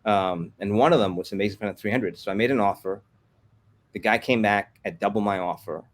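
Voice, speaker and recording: A man, a guest on an interview podcast, telling lively anecdotes and acting out the quotes. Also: fairly low pitch. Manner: fast, animated anecdotes with acted-out quotes. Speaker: guest, comics company executive. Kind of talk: casual interview storytelling.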